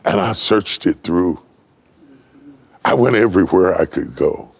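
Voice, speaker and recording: Older man, pastor, from West Virginia, sermon, very deep voice, husky, builds to shouts. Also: animated. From West Virginia, United States. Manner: builds from low, slow delivery to high, ringing shouts.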